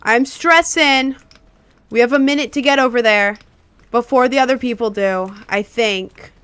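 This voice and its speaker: An excitable woman streams a game live, talking over her play in a somewhat high voice. She exclaims a lot and repeats herself, and the sound is close and dry with no room echo. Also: normal speed, clear, resonant tone. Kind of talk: live gameplay commentary.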